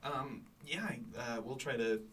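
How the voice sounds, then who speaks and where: A man playing a tabletop game in a game store, talking in a lively, animated way. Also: mid-range voice, moderate pace, recorded from a distance. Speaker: player. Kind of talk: casual tabletop play. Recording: off-mic with crowd chatter behind.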